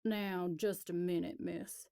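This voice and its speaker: A woman's voice: medium pitch, steady tone, slow pace, creaky, mellow, no room sound, studio quality. A woman voicing a suspicious, curt rural older man in a storybook reading. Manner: curt and affronted.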